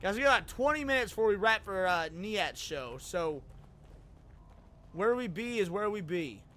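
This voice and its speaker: A man streaming a game with a very high, bright voice. He is excitable, swears freely and bounces between complaints and chat banter. His pitch moves all over the place. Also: unhurried. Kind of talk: casual gaming commentary.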